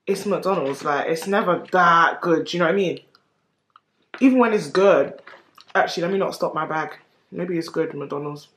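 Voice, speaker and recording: A woman's voice: on the low side, normal speed, fairly bright tone. A woman, chatting candidly to camera in a casual home vlog. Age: 20s. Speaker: vlogger. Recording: roomy echo, faint noise.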